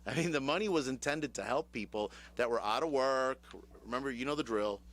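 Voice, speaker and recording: A man's voice: medium pitch, brisk, a bit bright. Sardonic man with a Chicago accent. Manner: sardonic, asks his co-host rhetorical questions. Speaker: radio talk show host on taxes. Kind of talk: casual radio talk. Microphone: studio microphone.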